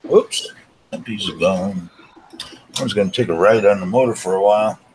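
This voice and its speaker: A man's voice: on the low side, normal speed, background noise. A man hosting a casual live stream from his living room, chatting with guests while he tinkers and mutters.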